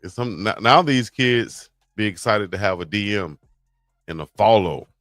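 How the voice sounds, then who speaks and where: A man's voice: lowish voice, animated, measured pace, fairly bright tone, dry recording, studio quality. A man hosting a casual sports talk show, telling stories in a laid-back way. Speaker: host.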